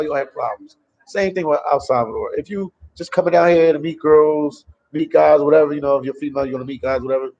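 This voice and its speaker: Brief: man, travel vlogger on a livestream, gravelly and slightly high voice, loose and talkative, dull lo-fi audio. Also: darkish tone. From Memphis, USA. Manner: loose and talkative, reads and answers viewer comments. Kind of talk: casual livestream chat. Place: a café in El Salvador.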